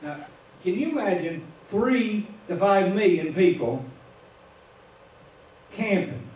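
A man's voice: high-pitched, lively intonation, takes it slowly, a little mellow. A man with a Midwestern American accent preaching an informal sermon in a church, telling the story in a folksy way and chuckling at his own asides. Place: church sanctuary. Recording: echoey room, far from the mic.

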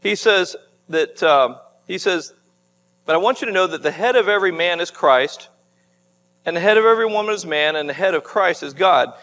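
A man's voice: high-pitched, animated, normal speed, fairly bright tone, long reverb tail. A man preaching a sermon as pastor, in a conversational style with frequent restarts and asides. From United States. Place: church sanctuary.

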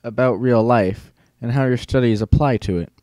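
Brief: a man reading a demanding teacher, formal and measured, mid-pitched, dry sound. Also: mellow, dry recording, close to an everyday voice, poor audio. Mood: earnest. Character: stern, demanding older male Latin teacher.

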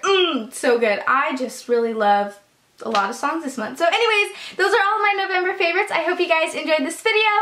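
A woman's voice: sits high, bright, forceful tone. A young woman vlogging about her favorite products in a bubbly, gushing, upbeat way. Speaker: beauty vlogger. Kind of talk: casual chat to camera. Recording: echoey room.

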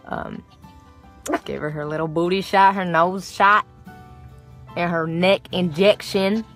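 Lower-pitched young woman vlogging casually. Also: fairly even intonation, takes it slowly, a bit bright, faint music behind. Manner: chatty, rambling, swears freely. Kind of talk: casual vlog chat.

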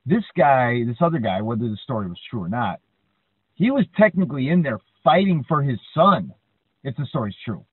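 With a husky, mid-range voice at a moderate pace, this man co-hosts a podcast in easygoing conversation. He spins stories animatedly and throws in "right?" again and again. It comes through a dry, tinny, phone-style line with no echo.

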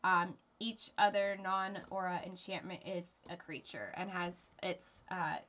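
A woman's voice: fairly low pitch, fairly even intonation, a little slow, a bit bright, low-quality recording. A woman playing a card game, casually explaining her cards and joking with the table.

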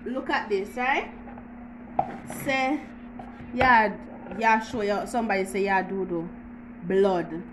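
A woman's voice: mid-range voice, fairly even intonation, takes it slowly, pauses often, background noise. A woman with a Jamaican accent hosting a casual home how-to vlog, chatty and teasing, with frequent laughs. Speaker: YouTuber.

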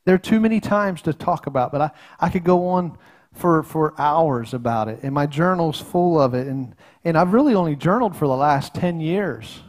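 A man's voice: fairly high pitch, lively intonation, normal speed, a little mellow. A middle-aged man preaching a sermon in his church in an earnest, folksy way, often repeating and restarting his words. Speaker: pastor. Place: church sanctuary.

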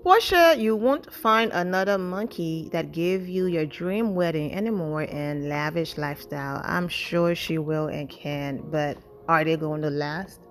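A woman hosting a celebrity gossip channel, reading viewers' comments aloud and reacting with quick, animated asides. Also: low-pitched.

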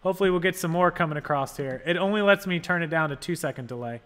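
A man's voice: on the high side, quick pace, a bit bright. A man hosting a casual livestream, rambling and thinking aloud as he adjusts settings and thanks viewers for donations. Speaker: livestream host. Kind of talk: casual live-stream chat.

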